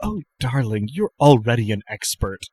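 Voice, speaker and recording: A man's voice: mid-range voice, big pitch swings, normal speed, mellow, breathy edge. A man voicing a flamboyant, doting male bartender in a tabletop game, theatrical and fond. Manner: theatrical, doting, calls everyone darling.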